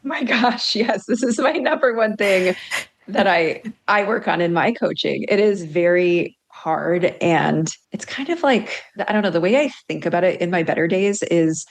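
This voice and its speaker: A woman's voice: lowish voice, normal speed. Middle-aged woman coach telling a story. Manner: animated storytelling with acted-out quotes. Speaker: career and executive coach. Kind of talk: podcast interview, telling a story.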